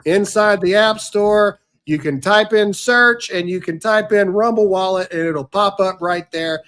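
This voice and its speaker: A man's voice: high-pitched, unhurried, fairly bright tone. A man hosting a podcast, talking in a brash, sarcastic, ranting way, including an ad read. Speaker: podcast host. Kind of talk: casual commentary with ad read.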